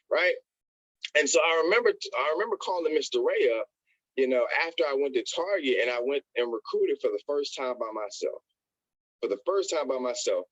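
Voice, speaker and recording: An excitable man tells a motivational story to his team in a middle-pitched voice. He repeats words and stumbles over them as he rushes on. The sound is dull and dry, as on a call. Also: no echo. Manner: animated, addresses listeners as y'all, repeats and stutters. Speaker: network marketing motivational speaker.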